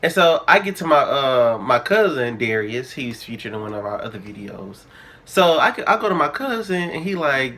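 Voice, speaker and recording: A vlogger in his early 20s tells a personal story casually, in a mid-range voice at a normal speed. He's animated and dramatic, acting out the dialogue and quoting what people said.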